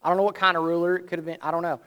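A high-pitched man delivers an earnest sermon. He reads passages of scripture and then explains them, drawing out key words and lifting his voice to drive them home. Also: level tone, muffled recording. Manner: earnest preaching, slows and swells for emphasis. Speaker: preacher.

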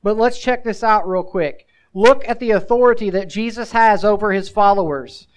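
A man's voice: high-pitched, normal speed, clear, resonant tone, poor audio. A male pastor preaching a sermon. He mixes scripture with casual asides and presses the listener with emphatic rhetorical questions.

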